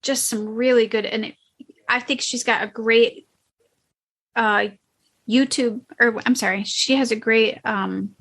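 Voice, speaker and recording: A woman with a northern US, nearly Canadian accent, co-hosting a casual podcast chat in a soft-spoken, agreeable way. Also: a little high, fairly even intonation, a little slow. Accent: northern US, near-Canadian. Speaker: podcast co-host.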